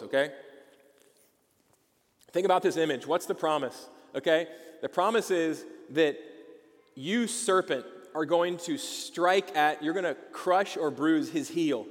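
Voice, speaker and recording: Emphatic male pastor in a reverberant hall. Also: fairly high pitch. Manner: emphatic, asks the congregation rhetorical questions, frequent "okay?". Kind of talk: sermon.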